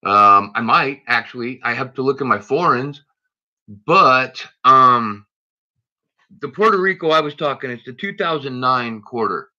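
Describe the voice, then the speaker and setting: A man's voice: mid-range voice, animated, measured pace, bright, forceful tone, highs cut off. A man hosting a casual home live stream, chatting to viewers and greeting them by name as he searches coin rolls. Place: indoors at home.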